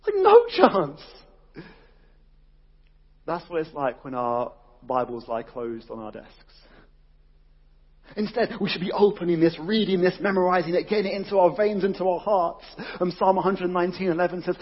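Excitable husky preacher in a hall. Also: male voice, fairly high pitch, highs cut off. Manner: excitable, exclamatory, casual slang. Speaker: youth preacher. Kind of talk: energetic sermon.

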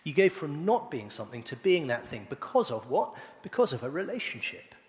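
A man's voice: on the high side, big pitch swings, fairly quick. A middle-aged man preaching a sermon, playfully quizzing his congregation. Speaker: pastor. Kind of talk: sermon with congregation call-and-response. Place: church hall. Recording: long reverb of a church hall.

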